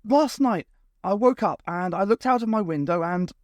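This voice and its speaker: Man voicing a jittery teenage boy, halting and unsure, lifted pitch. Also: no room sound, dull audio, natural voice. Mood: nervous. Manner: hesitant, trailing off.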